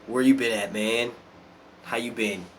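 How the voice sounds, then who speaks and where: A man hosting a casual live stream, animated and swearing a lot as he reads out chat comments. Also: mid-range voice, measured pace, slight background noise. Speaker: youtube live stream host.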